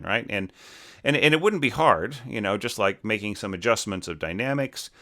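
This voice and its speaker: A man's voice: fairly low pitch, sharp tone. A man giving casual spoken feedback on a student's orchestration, thinking aloud with fillers and tag questions. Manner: sings rhythms with syllables. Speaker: orchestration teacher reviewing student scores.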